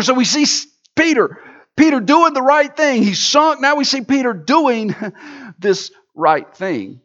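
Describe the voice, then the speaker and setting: Pastor guy preaching, highish voice swinging all over, kinda muffled lo-fi church tape. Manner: animated preaching with wide swings in pitch and loudness. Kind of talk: sermon.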